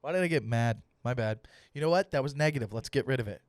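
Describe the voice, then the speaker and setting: Animated, profane man ranting on a podcast. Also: mid-range voice, fast, no echo. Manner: animated, profane, rants with acted-out dialogue. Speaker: comedian host. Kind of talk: comedic podcast monologue.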